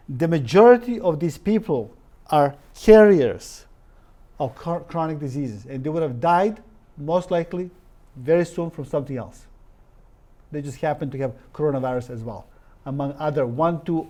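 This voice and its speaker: A man's voice: on the high side, warm tone. Emphatic man lecturing from slides. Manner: reads quotes aloud, stresses words, drops articles. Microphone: live-stream recording.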